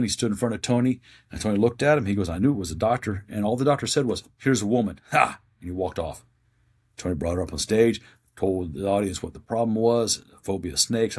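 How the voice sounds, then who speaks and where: A man's voice: deep voice, breathy edge. A man who works in a psychiatric hospital, speaking bluntly and with conviction, telling a story and acting out the voices of the people in it. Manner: emphatic, blunt convictions, acts out quoted voices. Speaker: guest working in a psychiatric hospital. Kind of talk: conversational storytelling.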